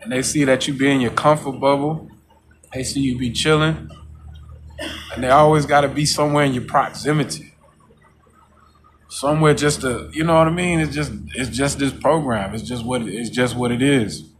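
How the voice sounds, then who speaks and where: A man speaks in a casual, preachy monologue, circling back to the same phrases. His voice sits at a middling pitch. A faint hiss of background noise runs under the talk. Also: steady tone, moderate pace. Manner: preachy, repeats "you know what I'm saying"; mocks coworkers in a high voice.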